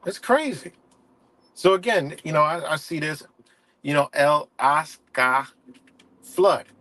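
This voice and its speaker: A man's voice: a little high, expressive, slow pace, pushed and bright, dry recording. A man hosting a casual livestream, ranting heatedly and profanely with lots of fillers and restarts. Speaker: livestream host.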